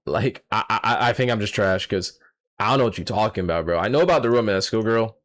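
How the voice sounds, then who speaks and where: A man's voice: fairly low pitch, expressive, quick pace, a bit bright. A young man streaming a live reaction, talking casually to his chat, swearing and sounding exasperated. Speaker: streamer reacting to a manga chapter.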